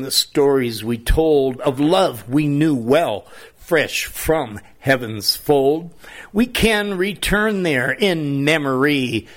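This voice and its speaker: Older man reciting his rhymes slowly. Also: on the high side. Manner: slow, lively rhyming recitation. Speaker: poet reading his own work. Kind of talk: reading humorous rhyming verse.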